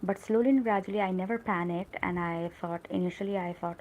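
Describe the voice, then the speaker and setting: On a live-stream English lesson, a woman with an Indian English accent talks in a chatty, encouraging manner, using many fillers. Her medium-pitched voice is a little fast and a little mellow, and the audio is poor with slight background noise.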